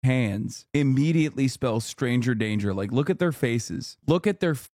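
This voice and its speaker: A man's voice: medium pitch, expressive, moderate pace, darkish tone, no room sound, clean studio sound. A man reacting to a video on stream, swearing, mocking and mimicking the people he watches. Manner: profane, mocking, mimics voices. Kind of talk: reaction commentary.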